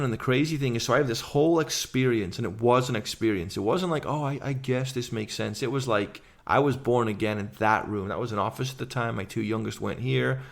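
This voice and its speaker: A gravelly, fry-edged male voice pours out a candid faith testimony. He tells it earnestly in long run-on sentences, barely stopping between thoughts. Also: medium pitch. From England. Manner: earnest, rapid run-on storytelling. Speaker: guest, urban missionary.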